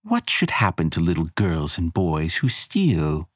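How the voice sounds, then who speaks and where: A man's voice: sits low, wildly swooping pitch, measured pace, a bit bright, breathy edge, dry recording, clean studio sound, exaggerated voice. A man voicing a capricious female fire goddess who taunts and threatens, sly and theatrical. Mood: taunting.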